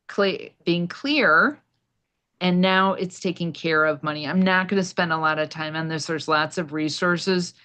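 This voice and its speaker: Low-voiced woman presenting on a call. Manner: explanatory, steady with occasional fillers. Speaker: money mindset speaker. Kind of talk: presenting on a live video call. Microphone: video call.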